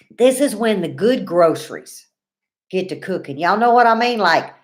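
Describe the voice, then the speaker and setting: Chatty woman livestream host. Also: fairly low pitch. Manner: chatty, folksy, greets viewers by name. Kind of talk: casual live chat reading viewer comments.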